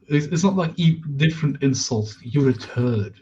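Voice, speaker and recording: A man's voice: a little high, lively intonation, normal speed, darkish tone. A man making dry, sarcastic remarks in a casual group chat. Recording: dull lo-fi mic with faint noise.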